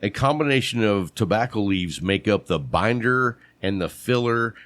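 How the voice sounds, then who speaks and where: A lowish, expressive male voice at normal speed, recorded without echo. Co-hosting a laid-back podcast, he playfully quizzes his partner on terms, calling out right answers with a shouted "bam."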